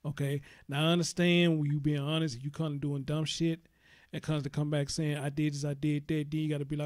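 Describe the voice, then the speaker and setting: A man's voice: on the high side, little pitch movement, brisk, darkish tone, no room sound, studio quality. A man hosting a casual talk show, giving frank opinions in a preachy, conversational way. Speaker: host.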